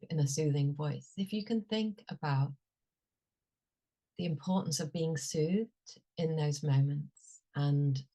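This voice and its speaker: Low-voiced woman coaching gently. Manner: gentle, soothing delivery with frequent "um" pauses. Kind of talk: leading a workshop.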